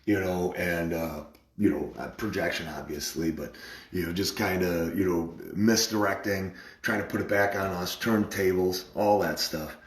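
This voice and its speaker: A man's voice: sits low, steady tone, normal speed, echoey room. A man on a casual live stream, animatedly retelling an argument, repeating himself and acting out what others said.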